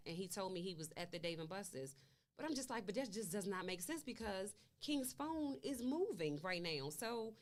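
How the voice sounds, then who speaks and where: In a lowish, slightly bright voice, a woman interviewed as a guest, a mother, gives a long conversational retelling of events, acting out what each person said.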